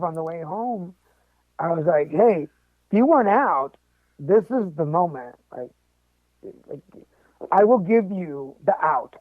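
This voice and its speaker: High-voiced man on a tinny line. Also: dry recording. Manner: animated, joking storyteller. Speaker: podcast guest. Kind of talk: personal storytelling. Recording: tinny phone-like line, dry.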